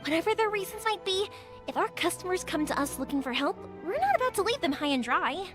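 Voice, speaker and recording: A woman's voice: extremely high pitch, very animated, quick pace, music in the background. A woman voicing an upbeat, helpful young woman shopkeeper in a game, talking in a reassuring way. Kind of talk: game voice acting.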